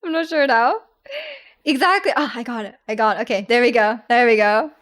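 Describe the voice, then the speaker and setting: A woman's voice: a little high, a little fast, a bit bright. A young woman streaming live, chatting casually with viewers, giggling and restarting her sentences often. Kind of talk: casual chat reading viewer comments.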